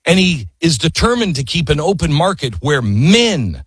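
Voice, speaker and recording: Male history storyteller, husky, lively delivery, passionate and emphatic, dry close sound. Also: on the high side, normal speed, few pauses, no echo. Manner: impassioned, emphatic, rhetorical questions. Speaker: history commentator.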